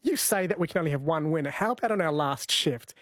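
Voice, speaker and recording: A man hosting an overnight radio show, relaxed and playful with his co-host. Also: a little high, fast, no echo, clean studio sound.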